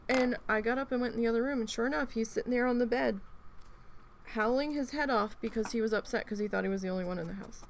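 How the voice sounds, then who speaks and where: A crafting video host, a woman with a fairly high voice, talks fast over a little hiss or hum. She chats casually at home while needle felting, rambling through stories, swearing freely and acting out her own reactions.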